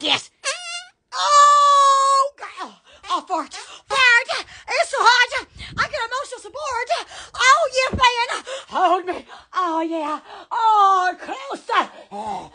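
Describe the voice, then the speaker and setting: A woman's voice: very high-pitched, pushed and bright. A woman hosting a silly live stream, goofy and squealing, laughing a lot. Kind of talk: silly improvised live chat.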